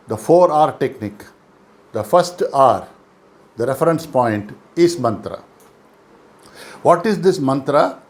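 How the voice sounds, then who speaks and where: A man giving a calm, measured meditation lesson, repeating his key phrases as he explains. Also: mid-range voice. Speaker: meditation teacher. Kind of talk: instructional lecture.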